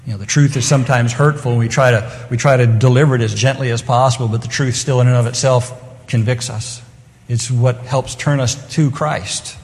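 A middle-aged man delivers an evening sermon, talking earnestly and conversationally and slipping into the voices of the people he quotes. His voice sits at an ordinary mid pitch. A long hall reverb trails after each phrase. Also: steady tone, a little fast, darkish tone. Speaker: preacher.

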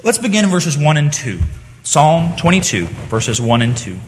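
A man's voice: fairly high pitch, big pitch swings, normal speed, long reverb tail. A man preaching a sermon, earnest in tone, rising to impassioned cries when he voices the psalmist's pleas. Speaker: pastor.

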